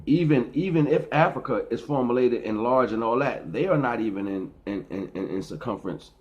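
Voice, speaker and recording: A man's voice: mid-range voice, lively intonation, a little fast, highs cut off. A middle-aged man speaking in a rambling, preachy casual monologue, often repeating and restarting his words. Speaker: vlogger.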